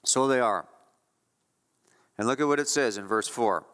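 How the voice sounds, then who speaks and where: A man's voice: medium pitch, normal speed, fairly bright tone, smooth, long reverb tail. A male pastor preaching a sermon with emphatic delivery, repeating key phrases to drive points home.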